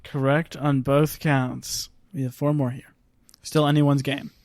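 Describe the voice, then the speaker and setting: A man hosting a casual film podcast, running a quiz with relaxed, filler-heavy talk. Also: medium pitch, a little slow, dry recording.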